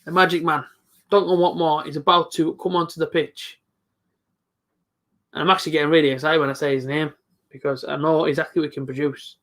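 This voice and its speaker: A young man giving live football reaction commentary as a fan streamer, chatty and excitable, talking to his viewers as he goes. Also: on the high side, brisk, long pauses.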